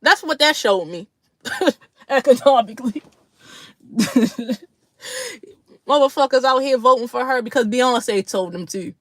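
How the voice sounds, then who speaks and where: A woman's voice: on the high side, expressive, a little slow, pauses often, no room sound. A woman hosting a casual livestream chat with her viewers, blunt, slangy and profane, laughing often between remarks. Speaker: livestream host.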